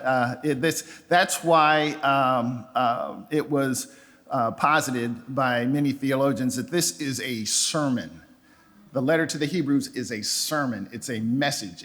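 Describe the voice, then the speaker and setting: A male pastor in his sixties preaching a sermon in a church. He talks in a conversational, animated way and acts out little voices with sudden jumps in pitch. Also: long reverb tail. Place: church sanctuary.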